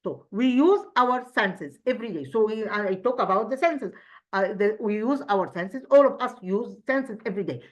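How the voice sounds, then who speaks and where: With many restarts and a halting delivery, a native Arabic-speaking teacher with an Egyptian accent reviews English grammar for an exam. She asks herself questions and answers them, in a mid-range woman's voice.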